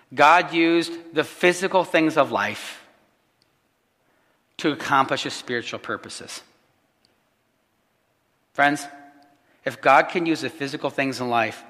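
A man from Illinois, a pastor telling a story in a sermon, animated, acting out the voices he quotes and dropping to a hush at times. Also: mid-range voice, big-room sound.

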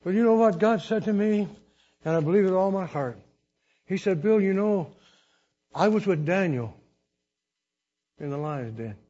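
Husky high-voiced man preaching folksy. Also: lively intonation, moderate pace, pauses often, mellow, muffled recording. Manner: folksy, rambling with restarts and laughs. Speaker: missionary preacher. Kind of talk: storytelling sermon.

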